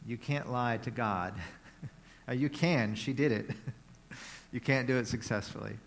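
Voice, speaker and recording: A male preacher retells a scripture story in an easygoing, conversational way. He slips in playful asides as he goes. His voice sits at a medium pitch. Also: moderate pace. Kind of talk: sermon.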